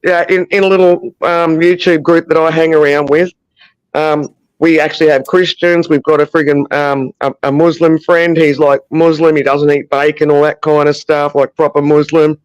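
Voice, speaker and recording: Man, Australian accent, laid-back rambling, high voice, dry close sound. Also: flat delivery, normal speed, clear, resonant tone, no room sound, muffled recording. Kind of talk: casual group chat.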